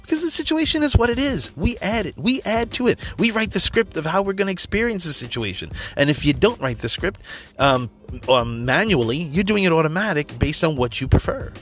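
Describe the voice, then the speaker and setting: A man's voice: sits high, sing-song, brisk, a bit bright, faint music behind. A man giving a casual motivational talk, blunt and profane, telling a personal story and acting out quotes along the way. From New York area. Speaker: motivational speaker.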